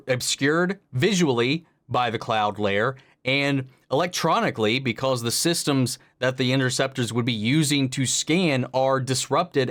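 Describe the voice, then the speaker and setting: A man talks casually as he hosts a reaction video. His speech rambles, full of fillers and false starts, and it sits at an ordinary middle pitch. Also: a bit bright, no room sound. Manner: rambling, filler-heavy talk with frequent restarts.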